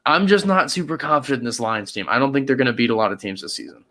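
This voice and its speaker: A young man co-hosting a casual sports podcast, hesitant and hedging, sometimes drawing words out and sometimes rushing. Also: mid-range voice, sing-song, sharp tone. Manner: hesitant, hedging, pace swings from drawn-out to quick. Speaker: podcast co-host.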